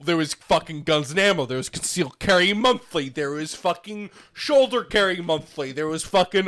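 A man's voice: a little high, expressive, moderate pace, hardly any pauses, a bit bright. A man in casual chat with friends who makes dry, wry, profane remarks.

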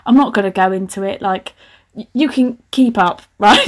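A woman's voice: medium pitch, moderate pace. Chatty, sarcastic young woman. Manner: chatty, rambling, sarcastic, lots of laughing asides. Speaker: podcast host. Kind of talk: casual comedic reading commentary.

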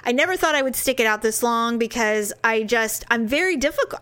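Fortyish woman co-hosting a chatty show, slightly high voice, swears a lot, does voices in her stories. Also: fairly quick. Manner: animated storyteller, swears freely, acts out quotes. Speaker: podcast co-host. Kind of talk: candid casual chat.

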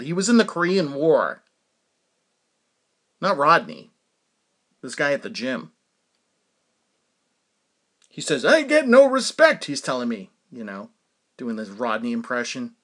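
A man in his forties hosting his own podcast, telling rambling stories in a casual monologue with lots of fillers and laughs. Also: mid-range voice. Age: 40s. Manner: rambling, animated storytelling with frequent fillers and laughs. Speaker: podcast host.

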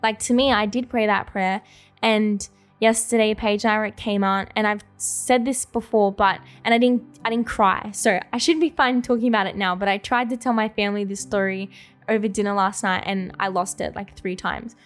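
A woman's voice: mid-range voice, steady tone, normal speed. A young woman, co-hosting a casual faith podcast, talking earnestly and heartfelt with lots of "like" and "you know". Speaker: podcast co-host.

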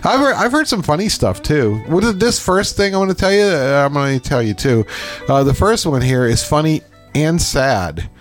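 Male podcast co-host, animated storyteller, lively pitch, slightly high. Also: normal speed, faint music behind. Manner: animated, jokey, acts out voices. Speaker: medical scanning technician. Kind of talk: casual storytelling chat.

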